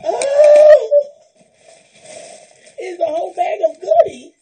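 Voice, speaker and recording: A woman's voice: high voice, measured pace, dark tone, lo-fi sound. A woman, opening gifts on a vlog, gushing and squealing and close to tears, calling out praise to God. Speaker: vlogger opening a gift package. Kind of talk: unboxing vlog, emotional chat.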